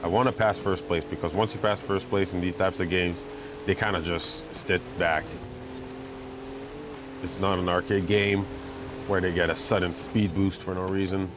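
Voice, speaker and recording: A man giving chatty, self-mocking commentary while playing a racing game, getting excited when he pulls ahead. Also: low-pitched, moderate pace. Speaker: gamer commentating his play. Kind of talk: casual gameplay commentary. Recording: game engine noise behind voice. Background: racing game car sounds.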